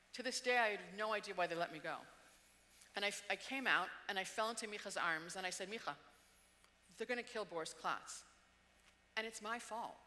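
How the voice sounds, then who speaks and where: A middle-aged woman from the Washington DC area tells a personal story at a talk, acting out quotes and changing her pace. Her voice is bright and sharp. A long hall reverb trails behind her. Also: medium pitch. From Washington DC area, United States. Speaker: speaker giving a talk.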